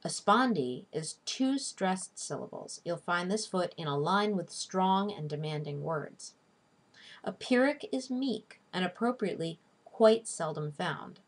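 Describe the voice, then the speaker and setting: Low-voiced woman giving a recorded lecture. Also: lively intonation. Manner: clear, deliberate teaching delivery, slowing to stress syllables. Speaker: literature instructor.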